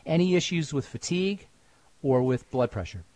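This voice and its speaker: A man hosting a call-in radio show as a pharmacist, giving advice briskly and cutting in to keep callers on track. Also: a little high, animated, dark tone, no room sound. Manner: brisk, interrupts to steer callers.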